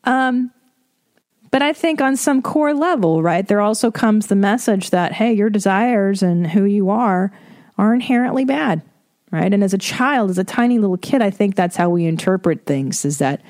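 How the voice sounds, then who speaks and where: A woman hosting her podcast in a loose, rambling monologue, swearing freely and often restarting her sentences. Her voice sits a little low, with a mellow, dark tone. The sound is dry and close, with no room around it. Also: no room sound. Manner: frank and profane, rambling with restarts. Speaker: podcast host. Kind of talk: casual monologue.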